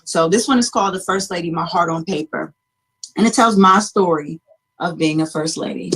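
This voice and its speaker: Husky woman guest, chatty, laughs a lot while telling her story. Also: fairly low pitch, normal speed, a bit bright. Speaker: author and guest. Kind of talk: casual talk-show chat.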